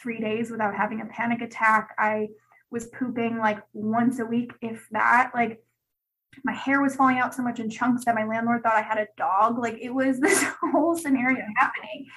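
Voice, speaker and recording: Woman guest on a podcast, chatty and candid, voice sits a little high. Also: fairly even intonation, normal speed, a bit bright, low-quality recording. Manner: chatty, peppered with "like". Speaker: guest, gut health specialist. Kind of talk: candid conversational storytelling.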